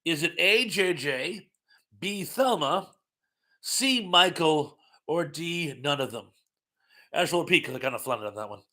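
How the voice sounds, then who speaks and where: Chatty, bright-voiced middle-aged man hosting trivia. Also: fairly high pitch, lively intonation, measured pace. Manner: chatty and self-mocking, laughs often, stumbles and restarts. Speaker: live-stream trivia host. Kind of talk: casual live-stream chat, reading quiz questions and viewer comments.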